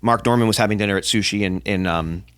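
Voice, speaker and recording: Male podcast host, lowish voice, dry close recording, easygoing and rambling. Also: no room sound. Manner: relaxed, rambling, halting with fillers. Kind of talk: casual podcast chat.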